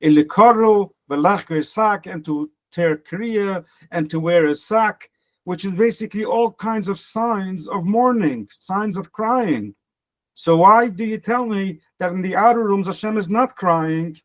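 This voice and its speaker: A man's voice: sits high, a little slow, fairly bright tone. A man. He works phrase by phrase, translating and repeating himself as he goes, then explains with everyday examples. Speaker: Talmud teacher. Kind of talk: casual Gemara lesson.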